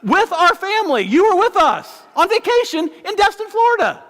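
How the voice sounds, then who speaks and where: A woman's voice: very high voice, sing-song, normal speed, fairly bright tone, in a large hall, pitched above the performer's own voice, heavily acted. A man acting out his wife, exasperated and incredulous, scolding him in a raised voice during a sermon. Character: exasperated wife losing patience.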